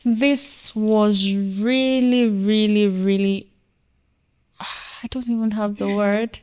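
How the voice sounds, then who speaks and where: A woman's voice: mid-range voice, steady tone, very slow, darkish tone, smooth. A woman hosting a podcast interview, affirming her guest and summing up the guest's points for viewers. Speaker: podcast host.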